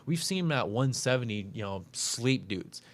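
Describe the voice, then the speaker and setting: A man's voice: mid-range voice, lively intonation, moderate pace. A man hosting a casual talk show, breaking down upcoming fights with lots of fillers and self-corrections. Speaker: podcast host making fight picks.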